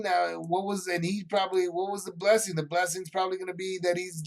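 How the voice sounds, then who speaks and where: A man's voice: sits high, little pitch movement, brisk. Rambling man teaching a Bible study. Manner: rambling, repeats and restarts, acts out scenes.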